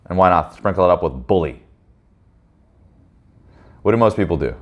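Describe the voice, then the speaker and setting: A man with a very low, deep voice gives a casual motivational talk to a men's group. He is blunt and emphatic, swears freely, and keeps asking his listeners "right?". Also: animated, fairly quick, long pauses. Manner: addresses listeners with frequent "right?" tags.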